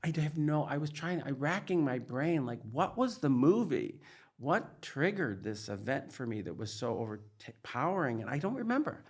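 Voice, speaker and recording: A man's voice: medium pitch, sing-song, moderate pace, husky. A middle-aged man, a psychiatrist, speaking candidly in an interview in an earnest, emphatic way, with lots of "like" and "you know". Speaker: psychiatrist and trauma expert guest.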